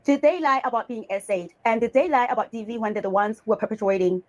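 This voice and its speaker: Woman, reaction commentary host, quick talker, sarcastic, scolding, slightly high voice. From Bali. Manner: scolding, sarcastic, calls people honey.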